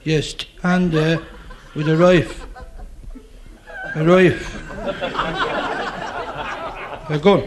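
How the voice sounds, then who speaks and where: A man's voice: fairly high pitch, flat delivery, slow, pauses often. A man doing chatty stand-up, teasing the audience and repeating his punchlines. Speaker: stand-up comedian. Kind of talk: stand-up routine. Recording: hissy old club recording with crowd. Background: audience laughter and chatter.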